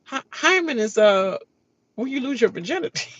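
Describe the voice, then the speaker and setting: A woman hosting a casual reaction rant, animated and laughing, mocking others in loose casual speech. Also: on the high side, moderate pace, dull audio. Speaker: reaction video host.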